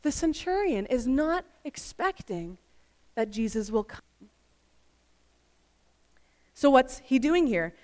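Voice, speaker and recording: A woman giving an expressive, emphatic Bible teaching full of rhetorical questions. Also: high-pitched, takes it slowly, long pauses. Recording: long reverb.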